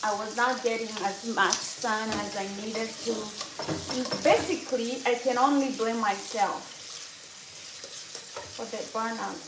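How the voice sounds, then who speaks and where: A woman's voice: on the high side, fairly even intonation, unhurried, roomy sound, very noisy. A woman vlogger in a casual, playful chat, repeating her phrases as she talks at home in the kitchen.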